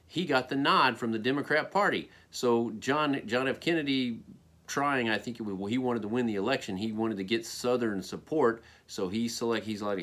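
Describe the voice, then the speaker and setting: Rambling American man, low voice. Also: fairly bright tone. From United States. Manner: rambling, frequent "okay?" and "you know" fillers. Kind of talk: casual spoken opinion monologue.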